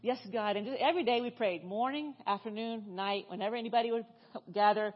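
A woman's voice: a little high, quick pace, muffled recording. A middle-aged woman giving a sermon in a church, telling stories in a chatty way full of fillers and restarts. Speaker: guest speaker. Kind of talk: storytelling sermon.

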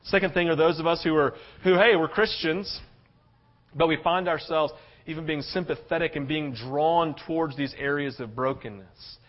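A male pastor preaching a sermon, passionate, swinging between loud urgency and hushed tenderness. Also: fairly high pitch, normal speed. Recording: dull lo-fi sound.

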